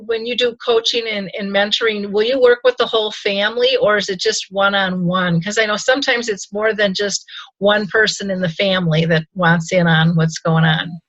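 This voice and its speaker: A woman's voice: lowish voice, no echo, lo-fi sound. A middle-aged woman hosting a casual interview, chatty, with many fillers and restarts. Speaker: host.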